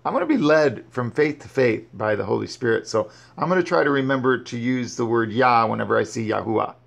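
This Bible teacher's medium-pitched voice is animated, brisk, and creaky as he reads scripture and stops to explain and exhort. Stumbles and restarted words come often.

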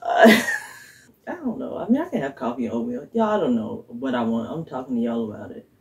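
A woman's voice: very deep voice, expressive, a little fast, gravelly, poor audio. A woman chatting casually to her viewers in her home kitchen, rambling as she thinks aloud and chuckling often. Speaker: vlogger. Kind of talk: casual vlog chat to viewers.

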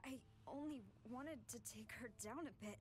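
A woman's voice: sits high, moderate pace, slightly rough. A guilt-ridden teenage girl. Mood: remorseful. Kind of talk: video game voice acting.

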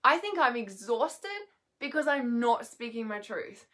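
A woman's voice: on the high side, animated, unhurried, bright, forceful tone. A tired, emotionally worn woman, speaking from bed at home in a raw, unscripted monologue. She swears freely and often trails off and restarts. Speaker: healer and mentor vlogger.

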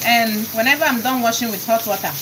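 Chatty high-voiced Nigerian woman. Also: quick pace, background noise. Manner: chatty, laughing, shouts greetings to viewers. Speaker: live-stream vlogger. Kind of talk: casual live-stream chat while cooking.

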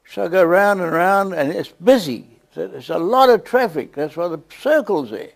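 A man with a South African accent telling a lively testimony story to a church, acting out the scenes as he goes. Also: sits high, normal speed, vocal fry. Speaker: guest preacher.

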